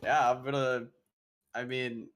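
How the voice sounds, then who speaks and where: A man's voice: medium pitch, level tone, unhurried, heavy background noise. A man playing a tabletop game, enthusiastic and casual, swearing freely. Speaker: player.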